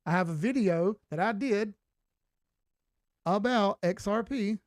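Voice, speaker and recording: Late-30s guy on a crypto stream, kinda high voice, laid-back and blunt, dry close mic. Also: unhurried, dry recording. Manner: laid-back, talks straight to viewers, swears casually. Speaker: crypto chart analyst and livestream host. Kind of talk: casual livestream chat.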